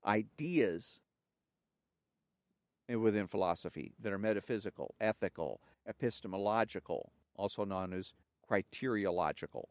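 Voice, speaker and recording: A man hosting a casual monologue, talking in halting, filler-heavy bursts before reading jokes aloud. The sound is dull, dry and lo-fi. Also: lowish voice, no echo. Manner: halting, many fillers and restarts.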